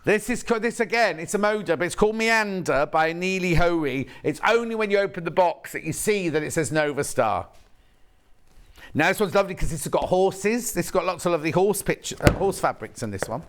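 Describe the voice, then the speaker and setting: Lively chatty man presenting on shopping TV. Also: high-pitched, fairly quick, background noise. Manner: chatty, points out each fabric, reads viewer messages. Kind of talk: live TV sales demonstration. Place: TV studio.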